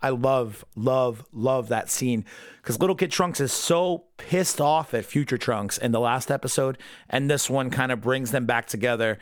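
A man's voice: medium pitch, no echo, clean studio sound. Profane, rambling casual male podcaster. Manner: profane, rambling, acts out character lines in quick impressions. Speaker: podcast host reviewing an anime episode. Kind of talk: casual unscripted commentary.

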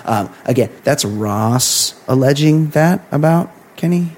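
A man co-hosting a casual podcast, reading listener emails and chatting with a halting, laughing manner. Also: fairly high pitch, animated, darkish tone, slight background noise. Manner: rambling, laughs often, halting restarts. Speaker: podcast co-host.

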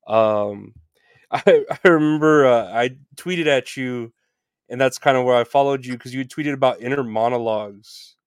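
A man hosts a relaxed interview and rambles through his questions, often restarting them. His voice sits at a middling pitch. The recording is dry and close, with no room sound. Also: normal speed, clear, resonant tone, dry recording. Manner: rambling, restarts, swears casually. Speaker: podcast host. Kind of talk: casual interview chat.

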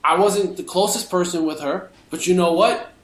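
A man with a fairly high voice rants hard on a podcast, swearing at every turn and calling people out. The sound bounces around a roomy space. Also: moderate pace. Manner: profanity-laced, fired-up ranting. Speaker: podcast co-host. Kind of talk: heated opinion rant on a podcast.

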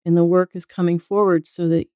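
A woman speaking as a guest medical intuitive in a casual podcast conversation, calm and explanatory, with a spiritual bent. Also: lowish voice, a little fast, clean tone, no room sound, clean studio sound.

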